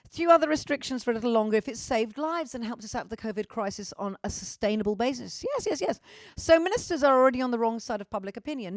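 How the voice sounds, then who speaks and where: A woman's voice: a little high, dry recording, clean studio sound. A middle-aged woman from Britain chatting cheekily to her fans, swearing freely and joking in a theatrical way. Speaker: vlogger and singer. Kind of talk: casual sweary monologue to fans.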